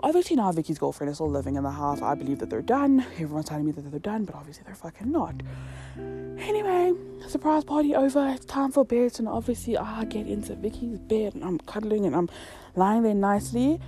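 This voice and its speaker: A woman's voice: medium pitch, fast talker. A young woman telling a casual storytime to her viewers, swearing a lot and acting out the quotes. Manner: heavy swearing, animated storytelling with acted quotes. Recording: music playing behind.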